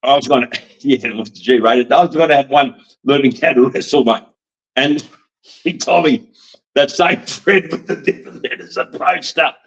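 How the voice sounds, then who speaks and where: A man's voice: mid-range voice, moderate pace, husky, lo-fi sound. A slightly drunk Australian man, a wrestling promoter, telling rambling, profane, boastful stories in a casual podcast chat. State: a little drunk.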